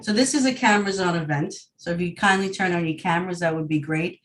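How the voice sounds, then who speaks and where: A woman's voice: on the low side, fast, far from the mic, poor audio. Brief: woman host with a Long Island accent, friendly and welcoming, on a video call, a bit off-mic. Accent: Long Island New York. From Long Island, New York. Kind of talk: online group event hosting.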